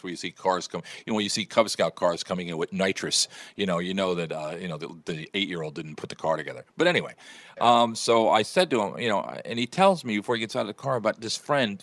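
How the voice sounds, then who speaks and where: A man's voice: deep voice, a bit bright, no room sound. A man hosting an internet radio morning show, telling a rambling story in casual chat. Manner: fast, rambling storytelling with restarts.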